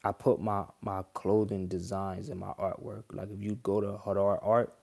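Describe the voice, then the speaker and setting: Rambling low-voiced man reacting on stream. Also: level tone, normal speed, gravelly, a little mellow. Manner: rambling, conversational, lots of restarts and slang. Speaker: livestream reaction host. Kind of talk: casual reaction commentary.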